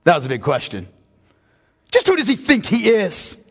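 Man, pastor, sermon, high voice, reverberant sanctuary. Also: normal speed, slightly rough. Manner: animated storytelling preacher, shifts from jokes to solemn emphasis.

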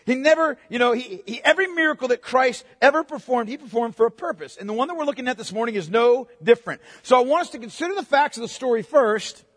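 High-voiced man preaching in a reverberant hall. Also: expressive, quick pace, hardly any pauses, fairly bright tone. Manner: conversational preaching with frequent "okay?" check-ins. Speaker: pastor. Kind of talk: sermon. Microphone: microphone.

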